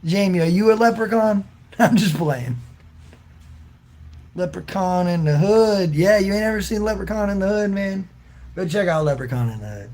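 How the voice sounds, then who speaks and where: A man with a slightly high voice hosts a relaxed livestream, chatting straight to his viewers. He jokes around in easy slang and laughs often as he answers their comments. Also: normal speed. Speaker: livestream host reading chat. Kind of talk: casual livestream chat.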